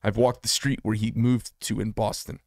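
A man's voice: lowish voice, level tone, moderate pace, darkish tone, dry recording, clean studio sound. A man in his fifties hosting a solo commentary show, speaking in an impassioned, emphatic way and often repeating himself for effect. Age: 50s. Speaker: podcast host.

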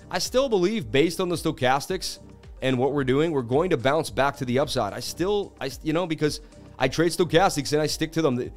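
A man hosting a live-streamed market analysis, talking in an animated, casual, hype-driven way. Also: a little high, moderate pace, faint music behind. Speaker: crypto market analyst host.

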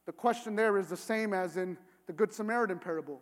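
A man pastor delivering a sermon, earnest and building to emphatic, near-shouted points. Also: high-pitched, quick pace, hardly any pauses. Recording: long hall reverb.

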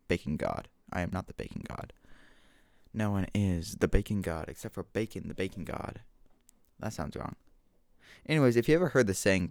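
A man with a low, gravelly voice rambles alone at home into a desk microphone. He drifts between goofy asides and self-mocking jokes. The sound is close and dry. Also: animated, brisk, a little mellow, no room sound. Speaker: solo podcaster. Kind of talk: casual solo rambling. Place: home room with washer and dog. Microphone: desk mic with gain control.

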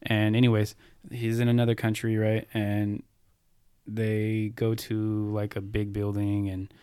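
Low steady-voiced dude on a podcast, smooth and clear, talks things through calmly. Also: male voice, measured pace, no room sound, clean studio sound. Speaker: podcast co-host. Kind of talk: casual podcast chat.

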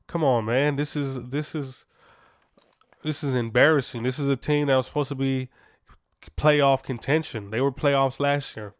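Guy ranting about sports on his podcast, smooth voice, dry close sound, lots of ums. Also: mid-range voice, fairly even intonation, moderate pace, no echo. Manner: conversational, opinionated, frequent fillers and restarts. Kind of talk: casual sports opinion monologue.

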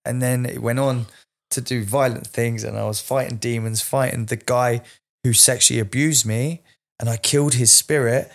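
A man's voice: medium pitch, fairly even intonation, normal speed, gravelly. A man in his forties telling a raw, emotional personal story in a candid conversation, swearing freely. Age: 40s.

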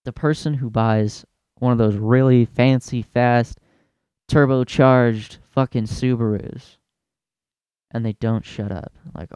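A young man hosting a comedy podcast, ranting in a profane, exasperated way with loud outbursts. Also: medium pitch, steady tone, takes it slowly, clear, resonant tone, no room sound. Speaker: podcast host.

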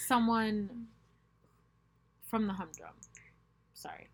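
A young woman co-hosting a book podcast, joking around and cutting in with quick remarks. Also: fairly high pitch, fairly bright tone, rough recording. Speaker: podcast co-host. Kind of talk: casual chat.

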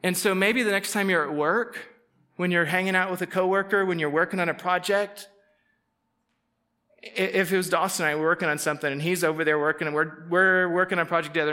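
Bright-voiced man preaching a sermon. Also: a little high, quick pace. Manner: conversational, jokes with the audience, acts out inner voices. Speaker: pastor.

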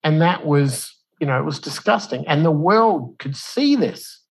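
A man talking casually as an interview guest, spinning a long explanation like a story. He stumbles and restarts now and then, and jumps his voice up high when he acts out what others said. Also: measured pace, gravelly, breathy edge, rough recording. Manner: animated storyteller who acts out quotes in a raised voice; loose delivery with fillers and restarts.

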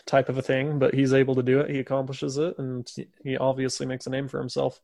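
Gravelly-voiced man telling a story casually. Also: medium pitch, completely flat delivery, brisk, few pauses, a little mellow. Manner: chatty, laughs often, filler-heavy storytelling. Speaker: podcast co-host telling a history story. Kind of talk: casual podcast chat.

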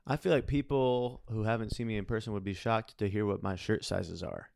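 A man's voice: fairly low pitch, steady tone, brisk, gravelly, darkish tone, dry recording, studio quality. Joking man in casual podcast banter. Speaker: podcast co-host. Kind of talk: casual chat.

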